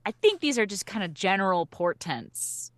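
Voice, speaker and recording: Lively woman player, dry close sound. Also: medium pitch, moderate pace, dry recording. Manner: playful, joking, self-mocking. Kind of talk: tabletop game role-play.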